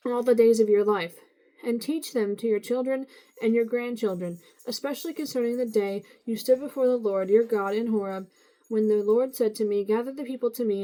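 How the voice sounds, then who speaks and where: A woman reading the Bible aloud at a steady pace, now and then stumbling and correcting herself. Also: a little high, rough recording. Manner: steady reading with occasional slips and self-corrections. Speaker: Bible reader.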